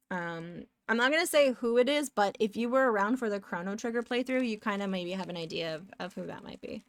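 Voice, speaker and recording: A woman's voice: mid-range voice, expressive, a little fast, few pauses. A woman streaming live while she draws pixel art, chatting casually, rambling off on tangents and answering her chat.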